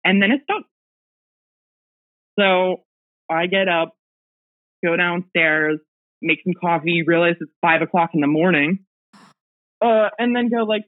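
A woman's voice: lowish voice, a little slow, long pauses. A woman guest casually telling a personal ghost story, rambling with fillers and little laughs, heard over a remote call. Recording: tinny phone-line audio.

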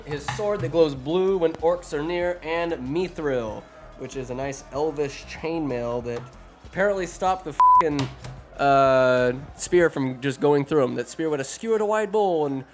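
Man with a slightly high voice, casual, rambling, foul-mouthed comic film recap over faint music. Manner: profane, rambling, sarcastic asides. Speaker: movie recap vlogger. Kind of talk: casual comedic movie recap.

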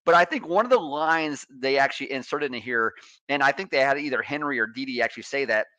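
Bright-voiced middle-aged man co-host. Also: medium pitch, fast talker, dry recording, low-quality recording. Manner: rambling storyteller, many fillers. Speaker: podcast co-host. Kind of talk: casual movie review chat.

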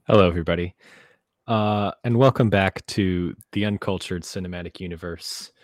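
A man's voice: low-pitched, fairly even intonation, moderate pace, no echo. A man hosting a casual podcast where two friends show each other films, joking at his own slips. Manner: self-deprecating, restarts intro. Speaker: podcast host.

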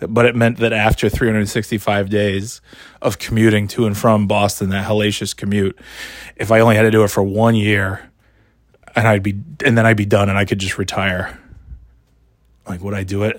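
A man's voice: lowish voice, no room sound, studio quality. A middle-aged man hosting a casual solo podcast, rambling and joking at his own expense, with a scratchy throat left over from being sick. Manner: rambling, self-mocking, swears casually. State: scratchy throat after illness. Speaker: podcast host.

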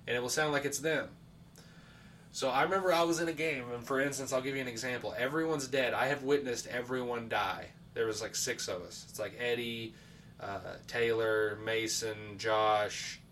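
A man co-hosting a podcast chats casually and tells rambling stories loaded with swearing and fillers. His medium-pitched voice is steady, a bit bright and at normal speed. The mic is distant, with faint background hiss.

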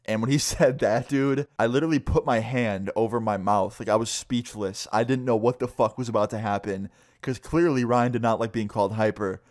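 A man's voice: medium pitch, fairly quick, hardly any pauses, darkish tone, no echo, clean studio sound. Young man telling a loose story. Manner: loose, profane, full of "like". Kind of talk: casual story time.

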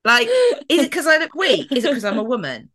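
A woman's voice: sits high, huge pitch swings, a little fast, pushed and bright. A woman co-hosting a podcast in casual chat, playful and swearing freely as she acts out mock rants. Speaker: podcast co-host.

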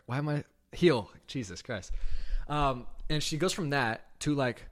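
A man's voice: fairly high pitch, moderate pace. A young man hosting a podcast, telling a raw, unscripted personal story in casual, profane speech, full of "like" and quoted back-and-forth dialogue. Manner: casual, profane, heavy use of "like"; animated retelling with quoted dialogue. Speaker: podcast host.

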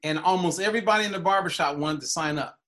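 Man, podcast host, high voice, bright tone, animated storyteller, casual chat. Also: quick pace. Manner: animated anecdote teller, repeats words.

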